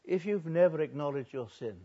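A man's voice: fairly high pitch, expressive, husky. Older male pastor preaching with dramatic swings. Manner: dramatic swings between soft and loud, drawn-out emphasis. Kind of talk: sermon. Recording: dull lo-fi recording.

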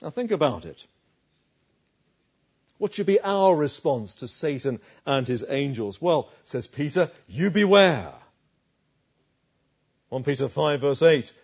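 A male preacher giving an emphatic sermon, swinging from loud declarations to hushed asides. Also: on the high side, big pitch swings, slow, long pauses, breathy edge, highs cut off.

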